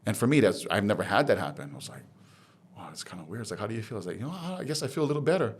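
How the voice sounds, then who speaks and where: Low-voiced man telling his story. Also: rapid-fire, husky. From Hawaii. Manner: animated retelling, acts out quoted dialogue. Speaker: podcast guest. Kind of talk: candid storytelling.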